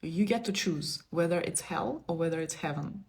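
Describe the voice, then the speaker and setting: A woman in her thirties giving a casual spiritual talk on a live stream. She is playful, laughs often and moves between soft asides and emphatic bursts. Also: on the low side, normal speed. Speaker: spiritual teacher. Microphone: phone or webcam on a live stream.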